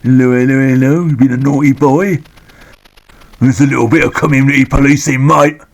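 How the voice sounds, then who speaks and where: Give me a man playing a swaggering bully of a policeman, raised pitch and loud, teasing. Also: steady tone, a little fast, close to an everyday voice. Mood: taunting. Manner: taunting, mock-friendly. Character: bullying male street copper, swaggering.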